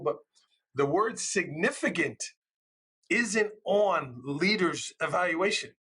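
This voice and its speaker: A middle-aged man, a school administrator telling stories in a passionate, loud, conversational way. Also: a little high. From New York. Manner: passionate, loud, storytelling with animated quoted voices. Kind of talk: conversational interview.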